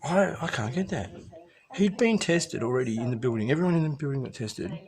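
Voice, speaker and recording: A man's voice: medium pitch, expressive, fairly quick, darkish tone. An Australian man giving a rambling, profane rant to his viewers, full of swearing and conspiratorial asides. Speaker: vlogger addressing preppers.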